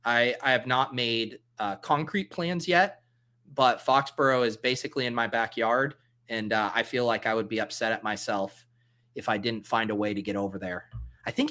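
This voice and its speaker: Bright-voiced man chatting on a livestream. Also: medium pitch. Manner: thinks aloud, reads chat comments, loose and joking. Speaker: livestream host drafting fantasy football. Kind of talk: casual livestream chat.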